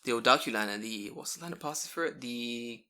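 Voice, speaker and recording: A man hosting a casual podcast, telling animated stories and swearing freely. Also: medium pitch, brisk, clear, resonant tone. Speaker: podcast host.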